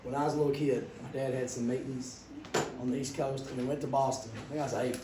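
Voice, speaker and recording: A middle-aged man, teaching a class through animated stories and questions to students. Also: mid-range voice, fast talker. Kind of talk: classroom storytelling lecture. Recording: echoey classroom, distant mic, background noise.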